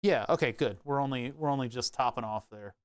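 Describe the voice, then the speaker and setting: A man's voice: medium pitch, fairly quick, smooth, dry recording. A young man chatting casually while tinkering at his workbench, rambling and laughing at himself. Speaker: maker streaming his workbench. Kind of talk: casual chat.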